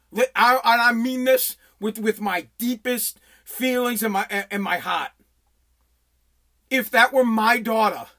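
A man's voice: sits high, pushed and bright. A middle-aged man hosting his own podcast, talking alone in an agitated, rambling way, with stammered restarts and heavy swearing. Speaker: podcast host. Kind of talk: emotional solo podcast monologue.

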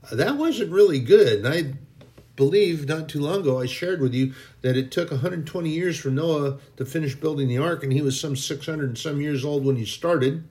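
A man's voice: a little high, moderate pace, a little mellow. A man preaching an informal sermon in a folksy, emphatic way, now and then mocking people in a put-on voice.

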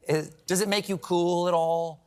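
A man's voice: high voice, fairly even intonation, slow, a little mellow, smooth. A man hosting a talk show, asking playful, teasing questions of his guest. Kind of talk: casual interview.

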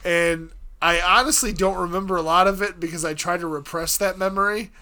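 A man from Ohio telling a story in casual, profane, animated chat. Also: sits high, fairly quick.

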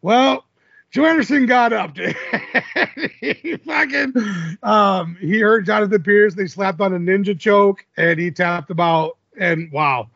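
A man's voice: high-pitched, takes it slowly, creaky, bright, forceful tone, no echo, lo-fi sound. A man co-hosting a podcast, recapping fight results in casual chat and laughing often. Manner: chatty, laughs often, filler-heavy. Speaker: podcast co-host.

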